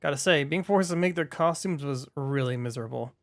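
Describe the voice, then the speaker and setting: A man's voice: a little high, fairly quick, no echo, clean studio sound, natural voice. A man reading game dialogue aloud while voicing a flamboyant, fashion-obsessed young man with a theatrical, preening manner.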